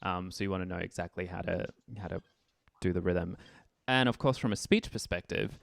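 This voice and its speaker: Low gravelly man teaching music theory. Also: fairly quick, no echo. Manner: chatty, demonstrates by speaking and tapping rhythms. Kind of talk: online group lesson.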